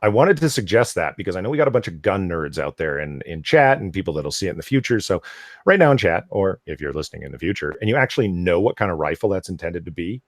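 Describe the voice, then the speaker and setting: Really low-voiced guy hosting a comics stream, rambly, dry close sound. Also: big pitch swings, fast talker, no echo. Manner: nerdy, rambling, many fillers. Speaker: podcast host. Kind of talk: casual livestream chat.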